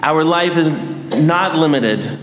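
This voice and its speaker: A man giving a sermon as a priest, measured and dryly humorous. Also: fairly high pitch, animated, background noise. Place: large church. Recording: echoey church hall.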